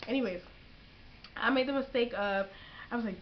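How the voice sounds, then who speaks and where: A young woman giving casual, profanity-heavy advice in a vlog, telling her story in a slangy, animated way. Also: fairly high pitch, moderate pace, dull audio, background noise. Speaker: vlogger giving boot camp advice.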